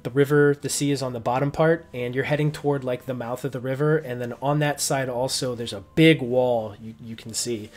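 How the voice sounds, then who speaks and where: A man's voice: medium pitch, fairly even intonation, fairly quick, hardly any pauses, a little mellow, soft background music. A man narrating as game master of a tabletop game, rambling with many restarts and fillers.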